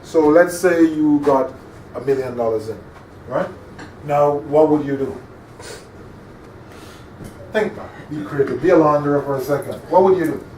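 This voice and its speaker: A man's voice: a little high, moderate pace, pauses often, mellow. A male instructor giving an interactive classroom lecture, often quizzing his listeners and checking that they follow. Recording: echoey room, distant mic, faint hum.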